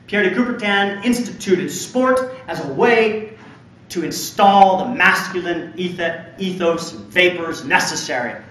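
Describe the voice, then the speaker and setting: A man's voice: high voice, fairly bright tone, a little hiss or hum. A male university lecturer giving a public lecture, telling history with emphatic storytelling and a pointed sense of humor. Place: large lecture hall. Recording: echoey hall from far off.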